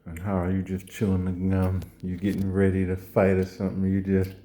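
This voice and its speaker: A man doing a rambling comedy monologue, acting out little scenes and slipping into hushed asides. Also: sits low, monotone, brisk.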